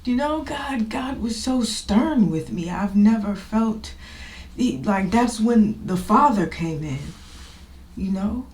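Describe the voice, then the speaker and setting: A woman's voice: medium pitch, lively intonation, slow pace, darkish tone. A woman hosting a podcast, talking informally and emphatically about her own life in a reflective, confessional way. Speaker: podcast host. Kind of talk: personal confessional talk. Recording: echoey room with faint noise.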